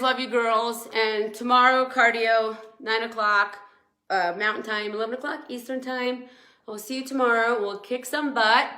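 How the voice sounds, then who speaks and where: A woman's voice: a little high, bright, forceful tone, echoey room. A woman coaching a weight-loss group on a casual live stream, emotional and rambling, teary with a sore throat from crying and laughing often.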